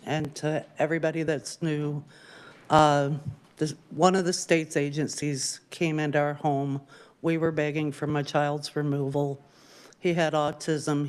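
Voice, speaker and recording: A woman testifying before lawmakers as a bereaved parent, grieving and angry, hitting her words slowly and with weight. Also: deep voice, darkish tone. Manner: grieving and angry, slow emphatic stresses. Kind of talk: public testimony.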